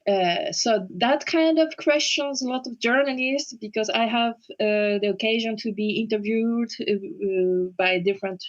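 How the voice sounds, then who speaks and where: A woman whose first language is Japanese, speaking slowly and hesitantly with many fillers as an interview guest. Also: fairly high pitch, dull audio. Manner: slow and hesitant, frequent fillers and restarts. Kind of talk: casual interview conversation.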